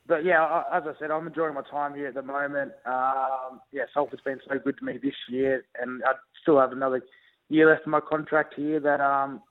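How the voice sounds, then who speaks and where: A young Australian rugby league player, a guest on a radio show, talking over the phone in a relaxed, hesitant way with many fillers. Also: male voice, mid-range voice, normal speed. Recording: tinny phone line.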